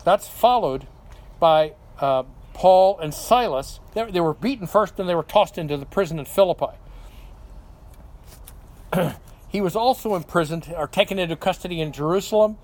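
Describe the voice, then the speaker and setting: Older male pastor with a high-pitched voice, conversational Bible teacher with frequent check-ins. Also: normal speed, darkish tone.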